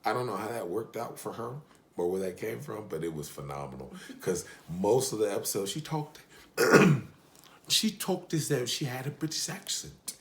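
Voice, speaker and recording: Lower-voiced man in animated, profane recap chat. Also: moderate pace, gravelly. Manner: animated, profane, joking, asides to his wife. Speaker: TV show reviewer.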